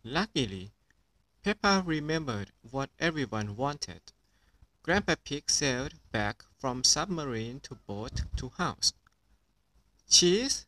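A man reading a children's picture book aloud in an even storytelling voice. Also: mid-range voice, measured pace, low-quality recording. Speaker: storybook reader.

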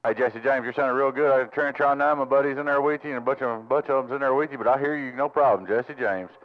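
A man's voice: medium pitch, fast. A Southern man from Tennessee, drawling friendly greetings and sign-offs as a CB radio operator. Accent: Southern American. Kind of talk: CB radio chatter. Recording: tinny radio audio with loud static.

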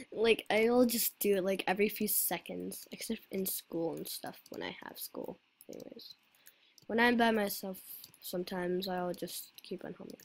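A woman giving casual, rambling gameplay commentary full of fillers as host of her own channel. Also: mid-range voice. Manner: rambling, forgetful, filler-heavy.

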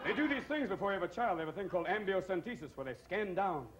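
A man's voice: high voice, animated, fast talker, noisy background. A man doing a manic stand-up routine on a comedy club stage, jumping between voices.

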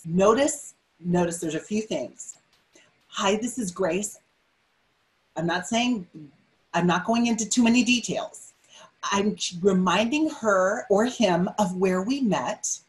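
A woman's voice: medium pitch, slow pace, poor audio. Emphatic middle-aged woman giving a webinar. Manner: energetic, emphatic, repeats key phrases. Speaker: webinar speaker. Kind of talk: motivational webinar talk.

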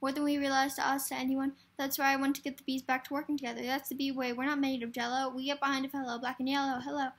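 A woman's voice: high voice, level tone, fast talker, few pauses, a bit bright. A woman reading a film script aloud for a variety show, hurrying through with stumbles and restarts.

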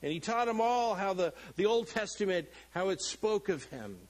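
A middle-aged man preaching in a church sanctuary, his fairly high voice swinging up and down as he jokes. He acts out the people in the story with playful, animated delivery. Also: moderate pace, rough recording. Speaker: pastor. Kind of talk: sermon.

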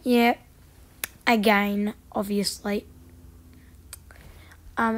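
A woman hosting a gaming channel, giving casual gameplay commentary with excitable, frustrated outbursts. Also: fairly high pitch, takes it slowly, pauses often, slight background noise.

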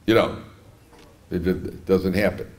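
A middle-aged man giving a humorous Torah lecture on marriage, telling stories and swinging between soft asides and emphatic peaks. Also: low-pitched, fairly even intonation, unhurried, a little hiss or hum. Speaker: rabbi lecturer.

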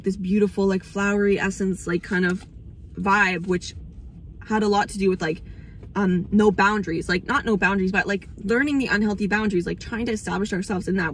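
A woman's voice: mid-range voice, normal speed, slight background noise. A young woman hosting an astrology channel, rambling in a casual spiritual monologue, swearing freely, and getting emotional at times.

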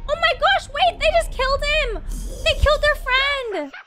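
A woman's voice: very high-pitched, lively intonation, normal speed. A woman hosting a reaction video, gasping and exclaiming emotionally as she comments on animations. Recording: music playing clearly underneath.

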